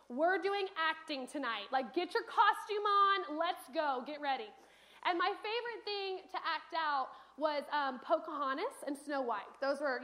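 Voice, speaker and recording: A young adult woman giving a sermon, telling stories lively and acting out the quotes. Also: sits high. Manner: animated storytelling, acts out quotes. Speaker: speaker giving a church message.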